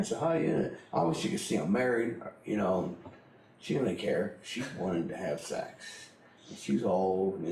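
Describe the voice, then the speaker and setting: A man's voice: lowish voice, gravelly, darkish tone, reverberant, slight background noise, poor audio. A middle-aged man telling a personal story in a blunt, profane way, laughing often as he goes. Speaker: interviewee.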